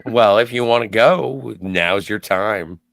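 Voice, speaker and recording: A man's voice: lowish voice, slow pace, creaky, no echo, studio quality. A man co-hosting a podcast, casually giving his opinion of a film and chiming in with corrections. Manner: relaxed, chimes in with corrections. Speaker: podcast co-host. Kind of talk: casual chat, film review.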